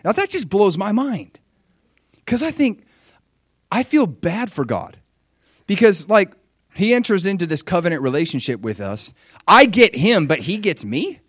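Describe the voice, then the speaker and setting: Young guy preaching, lively storyteller, slightly high voice, dry sound no room. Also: a little slow, pauses often, breathy edge, no echo. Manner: animated storytelling, acting out voices and dialogue. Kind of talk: sermon.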